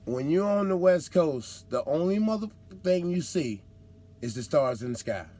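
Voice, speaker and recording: Animated high-voiced trucker telling road stories. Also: male voice, moderate pace. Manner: animated, slangy, acts out other drivers with whoops. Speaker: truck driver vlogger. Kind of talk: casual storytelling monologue.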